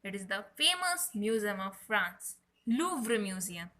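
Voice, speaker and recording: Slow bright-voiced woman teaching vocabulary. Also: medium pitch, big pitch swings, poor audio. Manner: slow, repeats words for the viewer to say along. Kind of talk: French vocabulary lesson.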